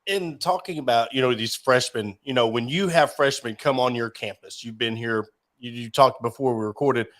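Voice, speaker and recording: A man's voice: mid-range voice, normal speed, fairly bright tone. Man asking long rambling questions. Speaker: podcast host. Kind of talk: casual interview talk.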